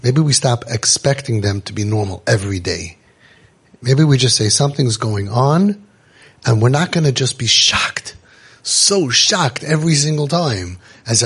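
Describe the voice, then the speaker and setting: Gravelly, husky man telling stories. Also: mid-range voice, moderate pace. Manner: animated, acts out quoted voices, sprinkles Yiddish and Hebrew words. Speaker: parenting coach and podcast host. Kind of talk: storytelling talk to parents.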